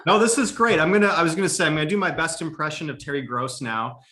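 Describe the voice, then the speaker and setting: A man's voice: a little high, fast, sharp tone. A man, an institute director, hosting and moderating a live online conversation in an upbeat, friendly way.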